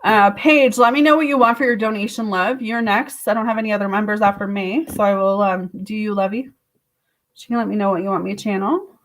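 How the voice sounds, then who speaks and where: A woman reading tarot on a live stream. She talks straight to her viewers in a chatty way and breaks into sudden high exclamations. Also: steady tone, a little fast. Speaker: tarot reader.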